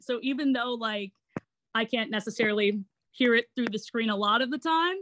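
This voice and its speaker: On the high side and at a moderate pace, a woman in her twenties speaks with a Long Island accent as an interview guest; she's from Long Island, New York, and works as an actor and online entertainer. The conversation is casual, and she's chatty and giggly, laughing through an animated retelling of her story.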